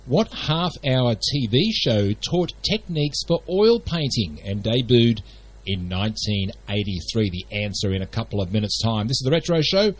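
A man presenting a retro music radio show in a measured, scripted manner. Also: mid-range voice, sing-song, breathy edge. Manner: measured, trivia-quiz delivery. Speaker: radio host.

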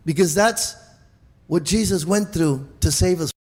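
A man preaching a sermon as pastor, animated, often stumbling over and repeating words and calling out for amens. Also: fairly high pitch, measured pace, in a large hall.

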